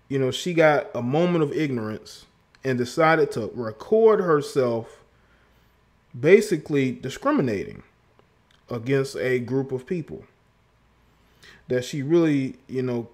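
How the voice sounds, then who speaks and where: A man hosts a livestream and comments on a clip he has just played. His voice sits at an ordinary middle pitch. He mocks what he heard, laughs, and keeps repeating words to make his point. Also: darkish tone. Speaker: livestream host.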